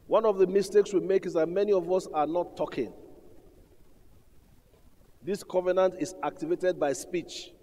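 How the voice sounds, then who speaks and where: A man preaching an emphatic sermon, calling out to his congregation. His voice sits high. The sound carries a long reverb from a large hall. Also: fairly even intonation, moderate pace, long pauses, dark tone, slight background noise. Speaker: pastor.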